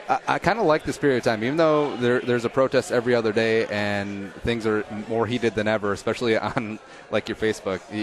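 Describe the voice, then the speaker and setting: A man in his thirties hosting a casual interview, joking and self-deprecating with quick asides. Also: on the low side. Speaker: podcast host.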